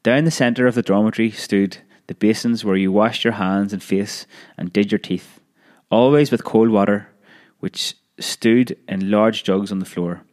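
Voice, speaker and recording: A man reading a childhood memoir aloud in a measured storytelling manner, with occasional small restarts. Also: lowish voice, steady tone, darkish tone. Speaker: narrator.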